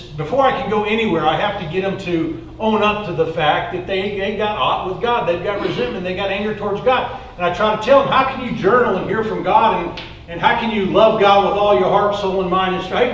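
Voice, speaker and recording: Male pastor, high voice, loose chatty sermon, distant mic, faint hiss. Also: fairly quick, a bit bright. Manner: conversational preaching with fillers, reading scripture aloud. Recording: roomy echo, distant mic, faint noise.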